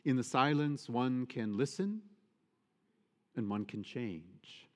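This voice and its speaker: A male priest giving a sermon, expressive and emphatic, often asking the congregation rhetorical questions. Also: medium pitch, takes it slowly. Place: church. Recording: long church reverb.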